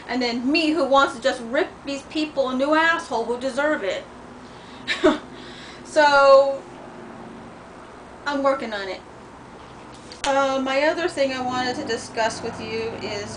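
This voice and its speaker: A high-pitched middle-aged woman rants in a home vlog, blunt and heavy on the swearing, sounding sore and worn. She sits back from the mic, and a faint hiss runs under her voice. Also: a bit bright. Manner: blunt, profane, heated storytelling. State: sore and in pain, limping. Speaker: vlogger. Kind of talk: venting vlog rant. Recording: distant mic with faint noise.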